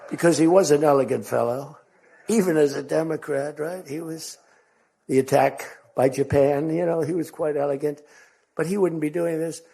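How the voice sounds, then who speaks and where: Older american guy rambling a speech, gravelly husky voice. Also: a little high, steady tone, moderate pace, warm tone. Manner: rambling, repetitive storytelling with acted-out quotes. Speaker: politician giving a speech.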